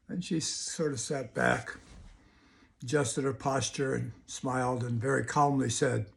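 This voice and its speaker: Gravelly older man giving a pep talk. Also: medium pitch, steady tone, a little slow. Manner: folksy, storytelling, asks rhetorical questions. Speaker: hypnotist. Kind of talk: motivational video talk.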